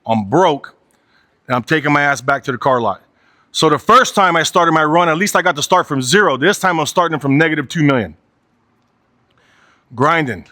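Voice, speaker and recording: A man's voice: fairly high pitch, sharp tone, no room sound, clean studio sound. A man in his forties giving a candid motivational talk, blunt and profane, driving his points home with repetition and a habitual "right?". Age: 40s. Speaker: motivational speaker.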